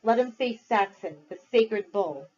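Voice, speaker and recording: A woman's voice: mid-range voice, animated, measured pace, a little mellow, husky. A woman voicing a stern, raging clan leader. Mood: angry. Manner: stern, commanding. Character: scarred stocky male clan leader, raging. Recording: dull lo-fi recording.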